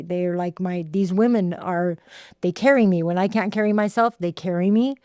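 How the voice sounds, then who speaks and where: A woman, telling her recovery story in a halting way with repeated words and fillers. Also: lowish voice, a little mellow, no room sound, studio quality. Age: 60s. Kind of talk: heartfelt personal testimony.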